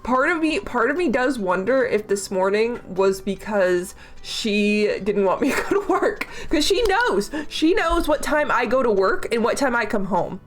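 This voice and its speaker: A woman's voice: on the high side, very animated, moderate pace, hardly any pauses. A young adult woman chatting casually on a livestream, rambling with lots of fillers and frequent giggles. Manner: giggly, rambling, laughs often. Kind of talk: casual chat stream.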